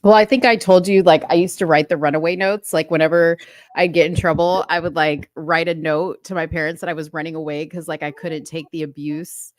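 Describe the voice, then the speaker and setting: Dramatic low-voiced woman chatting. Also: fairly quick, dry recording, studio quality. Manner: animated storyteller, self-described dramatic. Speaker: podcast co-host. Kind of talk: casual chat.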